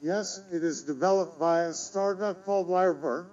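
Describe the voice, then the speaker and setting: A brisk, slightly high male synthetic politician clone, choppy, played back lo-fi. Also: close to an everyday voice. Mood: robotic. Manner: flat, choppy computer-made speech.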